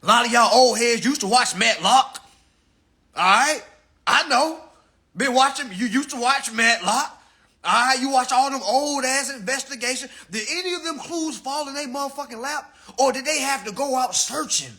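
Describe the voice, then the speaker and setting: A man in his thirties hosting a live stream. He lectures his audience in a profane, preachy and animated rant. His voice is high-pitched and bright. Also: moderate pace. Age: 30s.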